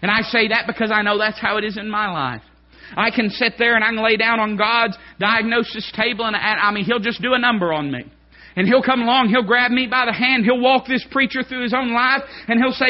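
A male pastor preaching a sermon in a church, fervent, swinging from quiet talk to shouting. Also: sits high, fairly quick, dull audio. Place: church sanctuary.

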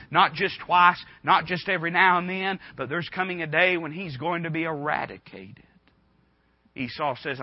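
A man preaching a sermon in a folksy, conversational way, full of rhetorical questions. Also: a little high. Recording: dull dry recording.

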